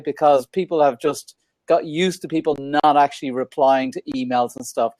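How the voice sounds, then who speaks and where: A man's voice: a little high, normal speed, a little mellow, dry recording. An Irish man chatting casually as a guest on a video call, laughing easily. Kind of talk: casual chat.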